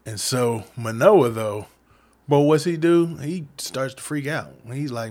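Casual man telling a Bible story, slangy, mid-pitched, voices the characters offhandedly. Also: a little slow, a little mellow. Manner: slangy, laid-back, says "man" a lot; acts out characters' lines conversationally. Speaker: Bible study speaker.

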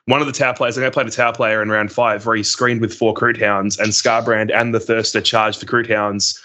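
Bright-voiced man chatting casually, Australian accent. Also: on the low side, brisk. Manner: relaxed, hedging, many "like" and "um" fillers. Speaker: guest player. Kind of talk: casual podcast chat.

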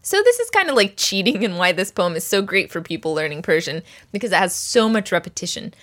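A woman teaching a language lesson, patiently breaking phrases down and repeating each word slowly for learners. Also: mid-range voice, very animated, fairly bright tone.

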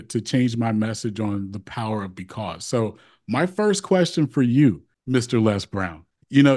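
A man's voice: mid-range voice, a little mellow. A man hosting a podcast, earnestly asking a guest his prepared questions. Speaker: podcast host. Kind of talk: interviewing a guest.

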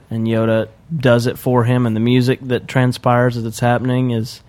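A man's voice: medium pitch, flat delivery, moderate pace, hardly any pauses, darkish tone. A man co-hosting a podcast in casual chat, rambling and hesitant, often trailing off. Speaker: podcast co-host.

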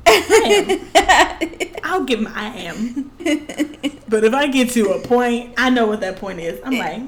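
A high-voiced woman riffs on a casual podcast at a slow pace. She swears freely and drops into silly voices for pets. Faint noise runs under her voice. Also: expressive. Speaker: podcast co-host. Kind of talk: casual chat with profanity.

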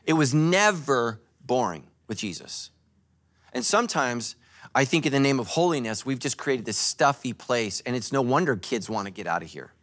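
Lively, joking male pastor preaching. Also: mid-range voice, moderate pace. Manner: animated, joking, storytelling preacher. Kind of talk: sermon. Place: church service.

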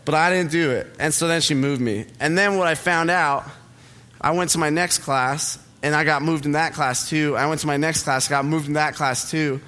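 A man's voice: fairly high pitch, steady tone, moderate pace, pushed and bright. A young man preaching a casual sermon in a church, chatty and self-deprecating, telling a story about himself. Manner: chatty, self-deprecating, laughs at own jokes. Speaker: pastor. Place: church auditorium.

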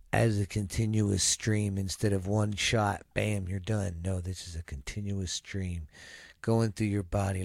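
A man voicing a sleazy male pitchman in a mock advertisement, with a low, slow, hushed delivery. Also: vocal fry, dry recording, clean studio sound.

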